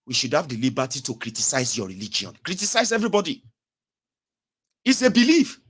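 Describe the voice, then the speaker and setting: A young Nigerian man with a Nigerian English accent and Pidgin, giving a casual, animated commentary monologue as host. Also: medium pitch, a little fast, breathy edge. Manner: animated, mocking, switches to Pidgin and Yoruba.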